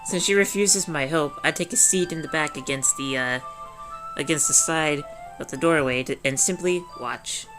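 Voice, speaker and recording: Woman narrator, low voice, playful game reading over a clear music bed. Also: normal speed. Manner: playful, laughs at the script. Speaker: game reader. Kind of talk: reading a visual novel aloud with commentary.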